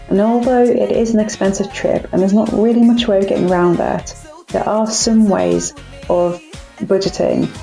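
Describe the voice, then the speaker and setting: A woman's voice: medium pitch, vocal fry, mellow, echoey room. A young woman vlogging about family travel, chatty and upbeat, with self-mocking asides. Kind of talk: family travel vlog narration.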